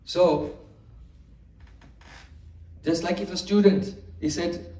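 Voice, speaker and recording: A man giving a morning scripture class to a live audience, explaining patiently with everyday examples and gentle humor. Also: high voice, steady tone, slow, long pauses. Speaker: spiritual teacher. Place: indoor hall with a live audience. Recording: echoey room, distant mic.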